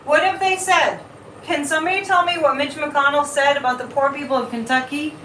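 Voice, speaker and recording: A woman hosting a casual live stream as a psychic, talking in an animated way, repeating words and reading viewer comments. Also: sits high, brisk, slight background noise. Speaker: psychic livestream host. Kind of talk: casual livestream chat. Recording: echoey room, mic at a distance.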